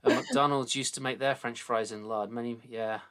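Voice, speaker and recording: A man's voice: mid-range voice, fairly even intonation, normal speed, fairly bright tone, clear, resonant tone. A middle-aged man from Britain with a British accent, hosting a casual chat with jokey, rambling stories and frequent laughs. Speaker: host.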